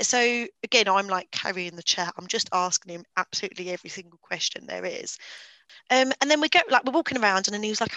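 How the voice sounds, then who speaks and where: A woman's voice: fairly high pitch, brisk, a bit bright, no echo, low-quality recording. A woman telling a dating story in casual podcast chat, chatty with lots of fillers and bursts of laughter.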